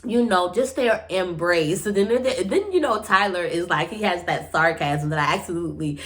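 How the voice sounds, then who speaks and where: A young woman, recapping a reality show in a casual, blunt, opinionated way, often jumping up in pitch as she rants. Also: moderate pace. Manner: animated, blunt and opinionated, often jumps up in pitch, swears freely. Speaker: TV recap vlogger.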